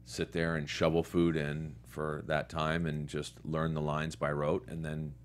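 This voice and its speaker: A man's voice: a bass voice, measured pace. A man from New York and Connecticut, a guest actor telling stories in a casual interview chat. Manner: relaxed storyteller, quoting others in his own voice.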